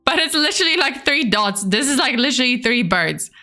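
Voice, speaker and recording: A woman streamer talks in a bright, fairly high voice. She rambles through stories in a loose, chatty way, wanders off on tangents and corrects herself. She stops to answer messages from her chat. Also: expressive, brisk. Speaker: VTuber streamer and host. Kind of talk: casual livestream chat about cryptids.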